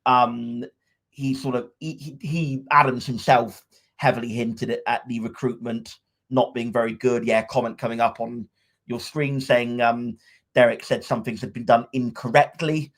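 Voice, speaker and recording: A man's voice: mid-range voice, level tone, normal speed. A man co-hosting a casual podcast from a room at home. He talks in a wry, opinionated way, rambling with many restarts. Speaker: podcast co-host.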